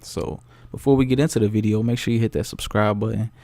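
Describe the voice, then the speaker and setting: Fast-talking man hosting a reaction vlog. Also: lowish voice, steady tone, a little mellow, no echo. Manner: laid-back, slangy. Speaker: reaction channel host. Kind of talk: casual vlog intro.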